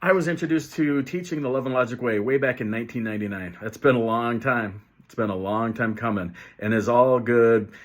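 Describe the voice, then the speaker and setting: A man's voice: medium pitch, steady tone, a little fast, few pauses. A man in his fifties, an educator teaching parents and teachers in a conversational way, acting out sample lines as he goes. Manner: conversational, explains with acted example lines. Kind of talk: teaching video to camera.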